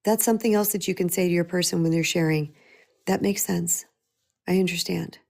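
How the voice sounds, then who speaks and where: A woman's voice: on the low side, fairly even intonation, brisk, vocal fry, a little mellow. A middle-aged woman speaking as a spiritual empowerment coach, earnest and emphatic, often repeating her key phrases. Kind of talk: motivational talk.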